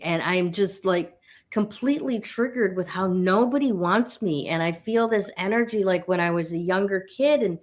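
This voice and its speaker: A woman's voice: medium pitch, unhurried. A middle-aged woman co-hosting a spiritual talk show, telling a personal story in a candid, casual way with frequent fillers and the odd swear word.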